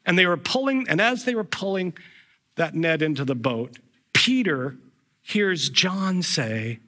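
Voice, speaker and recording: A man's voice: on the high side, unhurried. A man preaching a storytelling sermon, acting out the voices of the people in his stories. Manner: animated, acts out voices in retold scenes. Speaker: pastor.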